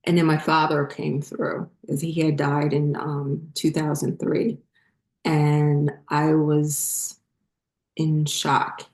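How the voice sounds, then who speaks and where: A middle-aged woman hosting her own channel, telling her spiritual story in a halting, emotional way that chokes up at times. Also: sits low, completely flat delivery, a little mellow. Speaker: channel host. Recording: roomy echo.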